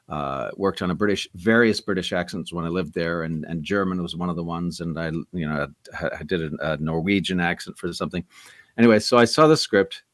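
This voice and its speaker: A man's voice: deep voice, fairly bright tone, no echo, clean studio sound. A middle-aged man, a voice actor, telling long rambling stories in a casual interview with many restarts. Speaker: voice actor guest.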